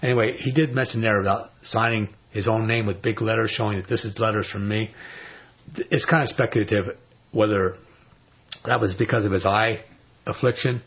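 Guy with a lowish voice leading a bible study, folksy and rambling, dull lo-fi sound. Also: normal speed. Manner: folksy storytelling with many fillers and animated quoted voices. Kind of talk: informal Bible teaching.

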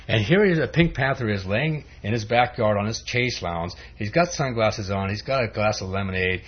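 A man's voice: on the low side, lively intonation, moderate pace, slight background noise. A man preaching a sermon in a loose, conversational storytelling manner, on a dull lo-fi recording.

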